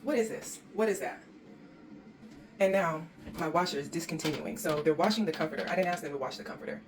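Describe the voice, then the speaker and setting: Low-voiced woman ranting in exasperation. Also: quick pace, background noise. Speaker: host. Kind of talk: walkthrough vlog. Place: indoors in a condo. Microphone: handheld phone.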